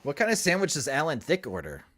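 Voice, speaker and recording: A man's voice: a little high, wildly swooping pitch, fast talker, fairly bright tone. A man hosting a podcast, asking his guest questions in a casual, friendly way and laughing along. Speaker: podcast host. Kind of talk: casual chat.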